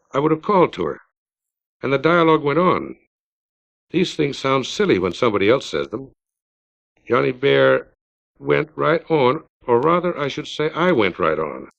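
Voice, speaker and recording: Gravelly middle-aged man reading a story. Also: medium pitch. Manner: steady, unhurried storytelling. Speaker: author reading his own story. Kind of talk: measured literary reading. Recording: dull lo-fi 1950s LP recording.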